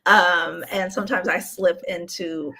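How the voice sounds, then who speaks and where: A young woman author from the US Midwest chats in a relaxed, candid way. Her voice sits low and has a gravelly fry. She laughs easily and drifts into casual vernacular. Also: measured pace. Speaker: author guest. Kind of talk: casual interview chat.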